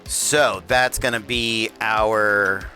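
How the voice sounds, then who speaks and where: A man hosts a live stream in a slow, unhurried way, his voice bright and forceful on a somewhat low pitch. He rambles through rules with many fillers and restarts. Faint music plays underneath. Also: fairly even intonation. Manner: says he has his announcer voice on. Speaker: host and game master of a PvP league stream. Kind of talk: livestream talk, reviewing rules.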